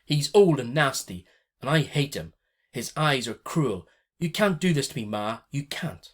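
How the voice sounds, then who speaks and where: A man's voice: medium pitch, sing-song, measured pace, husky, voice pushed up. A man reading a story aloud and voicing a teenage girl who pleads tearfully and defiantly, in a raised voice. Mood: desperate.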